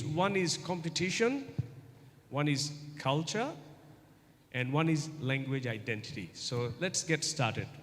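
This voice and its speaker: A man giving an informal guest lecture to university students, coaxing answers with repeated questions. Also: sits high. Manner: interactive, keeps asking the audience questions; slow, deliberate delivery with repetitions. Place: large university hall. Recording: long hall reverb.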